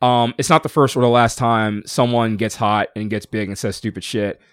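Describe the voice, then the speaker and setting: A man's voice: on the low side, fairly even intonation, moderate pace, clean tone, dry recording, clean studio sound. A man giving a heated opinion in casual chat, insistent and profane.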